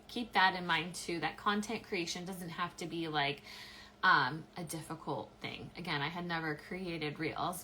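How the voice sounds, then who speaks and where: A young woman hosts a casual live stream in a slightly low voice with a bright, forward edge. She chats loosely, filling gaps with "um"s and restarts while she answers viewers. Faint noise sits behind her. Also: poor audio. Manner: chatty, many "um"s and restarts, frequent laughs. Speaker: live-stream host, affiliate marketer.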